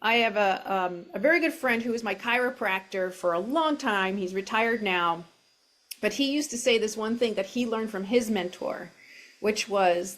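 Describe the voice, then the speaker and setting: Gentle, unhurried middle-aged woman coach. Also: mid-range voice. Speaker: self-compassion coach. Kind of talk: interview guest, casual explanation. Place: at home.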